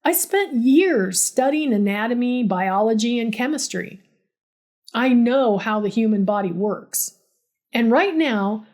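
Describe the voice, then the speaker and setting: Slow, dry-voiced woman telling a story. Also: fairly high pitch, a little mellow. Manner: dry, sarcastic and exasperated. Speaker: nurse. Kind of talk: first-person storytelling narration.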